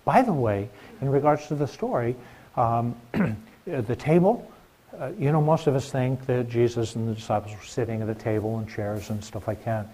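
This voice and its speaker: A man's voice: medium pitch, normal speed, warm tone. A middle-aged man preaching a sermon in a conversational way, asking the congregation questions.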